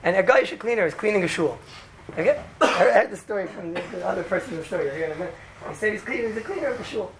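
A man giving an informal religious talk to a group, telling a rambling, animated story full of "right?" asides. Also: high-pitched, fast talker, creaky. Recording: noisy background hiss.

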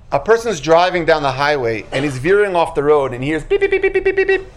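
Animated religious lecturer with sound effects. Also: mid-range voice. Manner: rhetorical questions. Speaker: religious teacher. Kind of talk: Torah lecture.

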